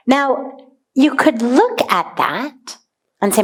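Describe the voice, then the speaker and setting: A woman spiritual teacher speaking to her followers. Her voice sits fairly high, and she takes her time, giving weight to each word in a deliberate, earnest delivery. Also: huge pitch swings, husky. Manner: slow, deliberate and earnest, dwelling on single words.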